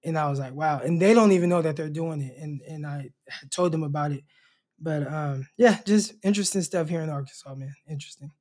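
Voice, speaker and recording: A man's voice: a little high, brisk, a little mellow. A man co-hosting a casual sports podcast, laid-back and stammering, often repeating his first words. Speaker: podcast co-host.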